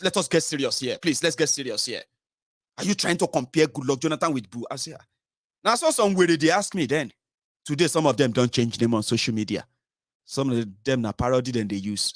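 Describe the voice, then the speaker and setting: A man's voice: mid-range voice, no room sound. Sardonic Nigerian man, dry close sound. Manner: sardonic, mixing in pidgin and Yoruba. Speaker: political commentator. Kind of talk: casual vlog commentary.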